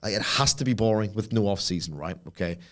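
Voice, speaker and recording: A man in casual podcast chat, with a voice that swings high and low. He argues his points with sarcastic asides. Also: quick pace. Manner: opinionated, animated, sarcastic asides. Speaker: podcast co-host.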